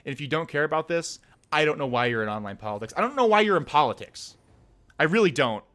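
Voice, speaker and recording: A young man delivers a fired-up political rant as a streamer, cursing freely and pushing his point hard. His voice sits high for a man and comes across bright and forceful. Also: sing-song, fast talker. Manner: heated, swearing, pleading.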